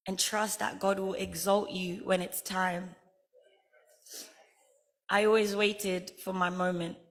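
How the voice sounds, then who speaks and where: A woman from Guyana with a Guyanese accent, giving an earnest, heartfelt acceptance speech at a ceremony and telling her story with emphasis. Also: lowish voice. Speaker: honorary degree recipient giving an acceptance speech.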